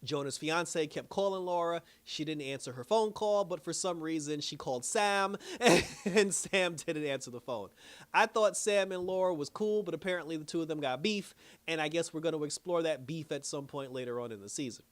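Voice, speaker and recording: A man talks through an episode like he is telling a friend about it. His voice sits a bit high for a man. He is slangy and chatty, and laughter keeps slipping into his recap. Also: moderate pace. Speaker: TV review host. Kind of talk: casual spoken recap.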